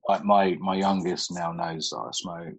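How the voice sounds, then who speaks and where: A man's voice: low-pitched, fairly even intonation, normal speed, creaky, breathy edge, poor audio. A middle-aged man, chatting casually and telling stories, laughing often and swearing freely. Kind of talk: casual chat.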